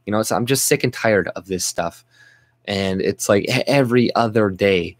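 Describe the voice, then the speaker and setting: Young Canadian man, exasperated vlog ranter, profane, rambling, lowish voice. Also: normal speed, dry recording. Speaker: vlogger. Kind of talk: angry political rant.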